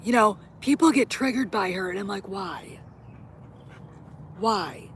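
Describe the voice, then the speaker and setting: A woman's voice: mid-range voice, brisk, a little hiss or hum. Blunt, opinionated woman vlogger. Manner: blunt, opinionated, swears freely. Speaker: host. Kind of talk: casual vlog chat.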